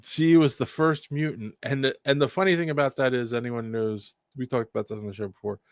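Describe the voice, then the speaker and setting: A man co-hosting a podcast in casual chat, teasing his partner in lively banter. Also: medium pitch, fairly quick, no room sound, studio quality. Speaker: podcast co-host.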